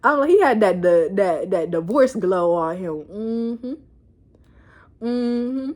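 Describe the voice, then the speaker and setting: A young woman giving a casual, animated recap of a TV episode, laughing and cursing as she tells it. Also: medium pitch, slow pace. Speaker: show reviewer. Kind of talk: casual chat video review.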